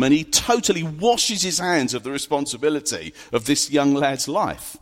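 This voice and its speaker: Animated preacher in an echoing hall. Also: male voice, a little high, normal speed, hardly any pauses. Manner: conversational storytelling with humorous asides. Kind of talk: sermon. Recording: long reverb of a large hall.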